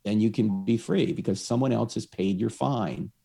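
A man's voice: lowish voice, normal speed, vocal fry, dark tone, husky. A man explaining his faith to one listener through a story, acting out the lines of the people in it. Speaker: evangelist.

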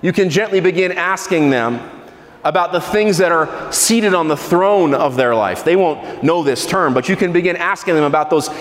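A man preaching a sermon as pastor, slowing down and dropping low on key words with dramatic pauses. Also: expressive. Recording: echoey hall with long reverb.

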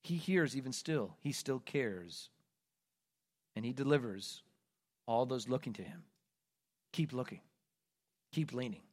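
A man preaching a sermon, reading scripture aloud and moving between loud, pleading cries and hushed, quiet lines. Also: mid-range voice, expressive, a little slow, long pauses. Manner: reads scripture aloud with emphasis. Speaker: pastor.

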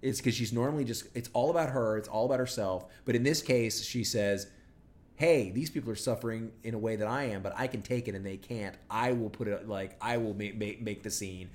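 A man's voice: fairly low pitch, brisk, a little mellow. A man co-hosting a podcast, recapping a TV episode in rambling, sardonic casual chat full of fillers. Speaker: podcast co-host.

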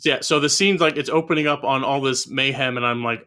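Bright-voiced man, dry sardonic humor. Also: mid-range voice, fairly even intonation, brisk. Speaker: podcast co-host reviewing a film. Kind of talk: casual chat.

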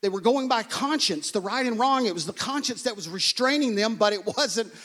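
A man's voice: sits high, lively intonation, brisk, a bit bright. A man, a pastor, preaching a sermon in an earnest way, often asking "okay?" and repeating phrases.

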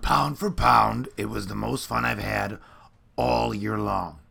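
A man co-hosting a deadpan comedy chat in a dry, laid-back way, reading listener questions. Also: on the low side, takes it slowly, vocal fry, slightly rough. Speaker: co-host.

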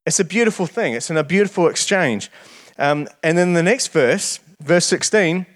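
A man's voice: fairly high pitch, animated, moderate pace. A man preaching a sermon in an earnest way, often repeating words as he starts his phrases.

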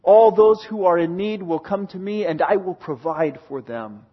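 Male preacher, higher pitch, husky, sermon delivery swinging from booming to hushed, dull lo-fi sound. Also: normal speed. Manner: reads scripture aloud with dramatic swings from booming to hushed.

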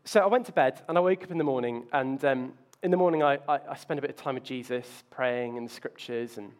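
A man's voice: mid-range voice, fast talker. A man preaching a sermon, telling self-mocking stories with playful asides. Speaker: pastor.

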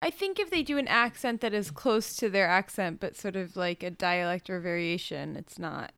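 A woman's voice: lowish voice, expressive, moderate pace, fairly bright tone, no room sound. A woman co-hosting a podcast, teasing playfully and laughing easily. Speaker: podcast co-host. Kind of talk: casual chat.

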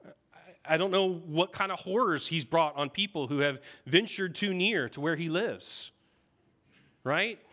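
A man with a bright, forceful voice, pitched a touch high, preaches a sermon. He tells the story in vivid, dramatic strokes and keeps checking in with his listeners with a quick "right?".

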